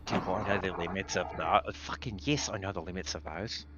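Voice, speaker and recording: A man's voice: medium pitch, sing-song, a little fast, highs cut off, background noise. A man voicing a prickly, defensive male tech builder who rants when his skills are questioned. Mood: indignant. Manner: defensive, ranting.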